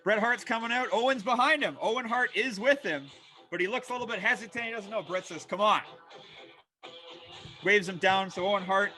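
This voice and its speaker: Man, wrestling play-by-play host, high voice, energetic, shouts at big moments. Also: fairly quick, faint music behind. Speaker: host narrating a fantasy wrestling show. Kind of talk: excited play-by-play narration.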